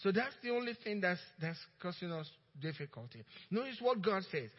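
A man preaching a sermon as pastor, shouting for emphasis and laughing between points. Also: sits high, sing-song, brisk, hardly any pauses. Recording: dull sound with long hall reverb.

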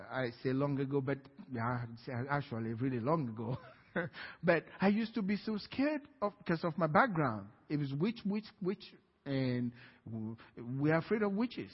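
A man preaching a sermon in a church, telling a personal story and swinging from quiet to loud. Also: fairly high pitch, expressive, moderate pace, slightly rough. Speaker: guest preacher. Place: church sanctuary. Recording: dull, reverberant church hall.

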